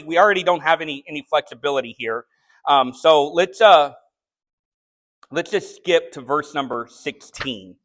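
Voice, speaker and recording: A man preaching a sermon, telling a story in a conversational way and then building to sharp, shouted rebukes. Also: medium pitch. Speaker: pastor. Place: church sanctuary.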